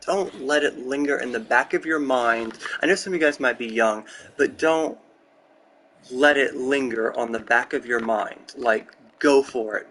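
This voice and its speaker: Young man, casual gaming chat, rambling and excitable, mid-pitched voice, close mic, faint background hiss. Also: low-quality recording. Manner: rambling, candid, excitable storytelling. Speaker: gaming streamer. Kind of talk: casual chat while building in a game. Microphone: close desk mic.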